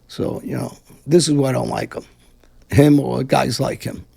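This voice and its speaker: Gravelly, blunt New man. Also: medium pitch, fairly even intonation, normal speed, dark tone. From Brooklyn, New York. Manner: blunt, combative, profane. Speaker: guest, former mafia figure. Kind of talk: casual interview talk.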